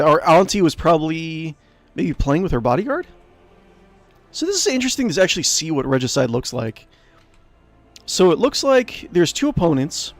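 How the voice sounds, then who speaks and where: Animated rambling game streamer, man. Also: fairly high pitch, no echo. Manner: rambling, animated, lots of fillers. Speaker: let's play host. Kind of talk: game commentary.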